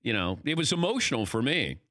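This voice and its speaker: An older man hosts a casual talk show, his pitch swinging up and down as he tells stories. His voice is bright and forward, close and dry with no room sound. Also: fairly quick, no echo. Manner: animated storytelling, acting out quoted lines. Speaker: host. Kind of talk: casual chat.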